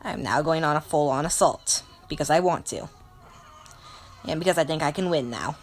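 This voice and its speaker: A woman's voice: deep voice, moderate pace, faint music behind. A woman narrating her strategy game play in a melodramatic, self-mocking way. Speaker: gamer. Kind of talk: let's play game commentary.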